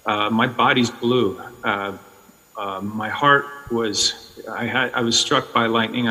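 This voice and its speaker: An older man giving a halting, fervent speech to an audience. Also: fairly low pitch, sharp tone, long reverb tail, rough recording. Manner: halting and fervent, rising to passionate. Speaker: actor speaking at an event. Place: large indoor venue.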